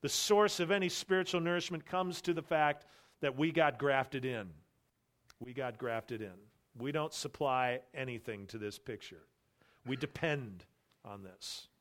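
Man, pastor, sermon, emphatic, repeats key lines, fairly high voice. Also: normal speed, a bit bright. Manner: emphatic, repeats key phrases, voices imagined boastful believers. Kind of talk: expository sermon.

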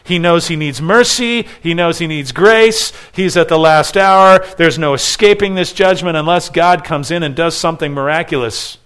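A man preaching an expository sermon. He is earnest and emphatic, moves from loud stresses to hushed pleading, and stacks short repeated phrases. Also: a little high, normal speed, few pauses, clean tone.

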